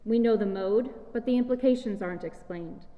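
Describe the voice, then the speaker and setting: A woman giving a measured, explanatory talk as a singer presenting chant, recorded in a large hall. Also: on the high side, phone-quality sound. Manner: measured, explanatory, sings short chant fragments. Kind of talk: scripted lecture-recital talk. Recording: reverberant hall.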